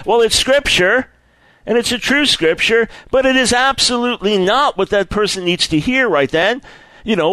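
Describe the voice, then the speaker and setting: A man's voice: sits high, sing-song, normal speed, pushed and bright, no room sound, poor audio. A man preaching a sermon on apologetics, repeating phrases for emphasis and acting out the people in his stories.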